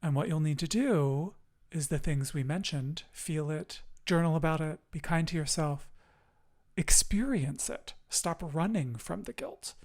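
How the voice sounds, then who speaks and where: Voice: mid-range voice, unhurried, darkish tone. A podcast host speaking in an affirming, encouraging and emotive way during a casual chat.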